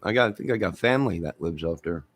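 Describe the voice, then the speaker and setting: Easygoing stream host, middle-aged man, low voice, drawn-out jokey rambling. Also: animated, slight background noise. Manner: rambling, joking, drawling. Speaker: livestream host. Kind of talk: casual chat with live viewers.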